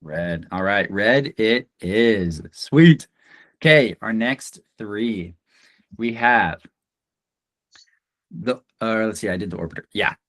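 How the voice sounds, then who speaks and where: A man's voice: lowish voice, lively intonation, fairly bright tone, no echo. Man hosting a casual video-call chat. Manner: brisk emcee, moving the panel along. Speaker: podcast host.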